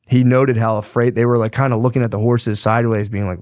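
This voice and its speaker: Young male podcaster, low voice, dry close mic, slangy and swearing storyteller. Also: level tone, fast talker, a little mellow, no echo. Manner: profane, slangy, rambling with fillers. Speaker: podcast host. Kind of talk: casual history storytelling.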